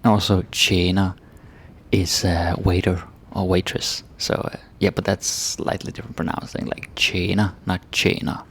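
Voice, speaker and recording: A man teaching a casual grammar lesson, relaxed and checking in with "right?" and "eh?" as he explains. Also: low voice, normal speed, a little hiss or hum. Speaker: language teacher.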